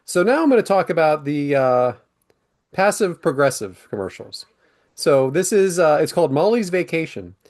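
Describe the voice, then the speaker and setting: A man's voice: a little high, sing-song, moderate pace, darkish tone. A man hosting a podcast, leading segments in an upbeat, casual way and laughing often. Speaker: podcast host. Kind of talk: casual chat.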